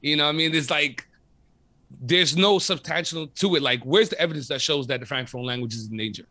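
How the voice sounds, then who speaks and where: Guy radio host, high-ish bright voice, swears a lot, fired up, dry close sound. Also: a little fast, no room sound. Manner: animated, profane, emphatic storytelling. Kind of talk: casual interview chat.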